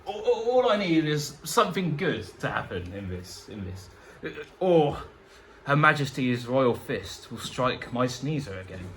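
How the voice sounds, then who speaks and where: A man's voice: medium pitch, very animated, measured pace, a bit bright. A man playing a pompous, blustering Victorian prime minister in an improvised comedy sketch, exclaiming in an upper-class manner. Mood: fretful. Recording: echoey room with background noise.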